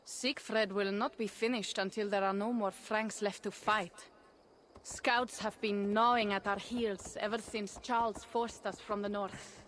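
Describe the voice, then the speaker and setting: A woman's voice: mid-range voice, steady tone, measured pace, fairly bright tone, a little hiss or hum, natural voice. Actress playing a earnest Viking woman in a game. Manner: earnest, formal old-fashioned speech. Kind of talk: video game dialogue.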